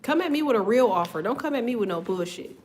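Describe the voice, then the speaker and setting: A woman's voice: fairly high pitch, expressive, fast, a little hiss or hum. A woman giving a casual tarot reading. She swears freely, laughs often and drifts off on tangents. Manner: loose, profane, laughs often, goes off on tangents. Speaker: tarot reader.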